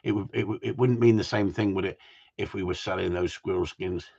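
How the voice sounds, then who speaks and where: Man, live-stream host, jokey and teasing, husky voice, muffled lo-fi audio. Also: low-pitched, steady tone, brisk, darkish tone. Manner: jokey, teasing, reads viewer comments aloud. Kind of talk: casual live-stream chat. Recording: dull lo-fi sound.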